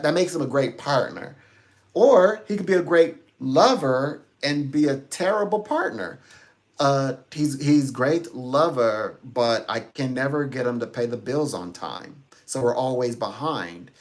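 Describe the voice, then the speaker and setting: A man giving a rambling live-stream talk as a psychic reader, chatty, laughing often and quoting people in little voices. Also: medium pitch.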